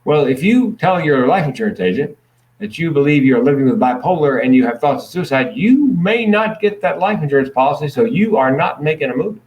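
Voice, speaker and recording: A man's voice: fairly high pitch, very animated, a little fast, darkish tone, reverberant, highs cut off. A man speaking as a podcast guest, explaining things earnestly with dry jokes. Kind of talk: podcast conversation.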